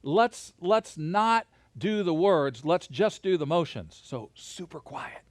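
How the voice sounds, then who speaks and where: A man teaching a Bible lesson to children and families, lively and encouraging, guiding them through hand motions as he talks alone into a camera. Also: high-pitched, slow pace, dry recording, studio quality. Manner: lively, gesture-led, encouraging.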